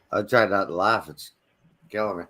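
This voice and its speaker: Low-voiced man asking quick questions. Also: bright, forceful tone. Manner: asks short questions. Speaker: guest in hangout. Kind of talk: casual chat.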